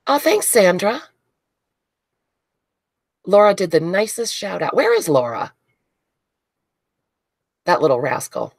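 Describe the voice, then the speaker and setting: During a relaxed crafting livestream, a congested woman chats with viewers, calling them by name and gushing with excitement over her unboxings. She speaks slowly in a lowish voice with vocal fry, pausing often. There's no room sound.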